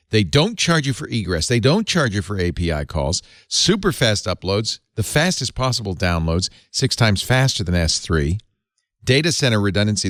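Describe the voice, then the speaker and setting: A man's voice: mid-range voice, no echo, studio quality. A middle-aged man hosting a tech panel show, chatting casually with laughs and reading ads. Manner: animated, conversational, laughs often. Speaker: show host. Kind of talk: casual panel chat and read advertisement.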